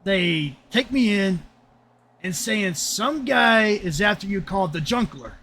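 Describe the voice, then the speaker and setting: A man hosting a casual roleplay podcast chat, telling stories with animated energy and bursts of shouting. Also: high voice, unhurried, a little hiss or hum. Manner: animated storyteller, shouts when excited. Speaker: podcast host.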